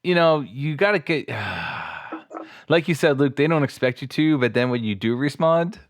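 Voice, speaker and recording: A man's voice: mid-range voice, expressive, measured pace, no echo, studio quality. A man hosting a casual podcast, starting a story in a rambling, hesitant way with many fillers.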